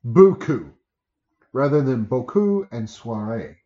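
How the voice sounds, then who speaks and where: A man chatting casually as a podcast co-host, easygoing, pausing with fillers as he recalls things. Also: mid-range voice, expressive, highs cut off. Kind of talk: casual chat.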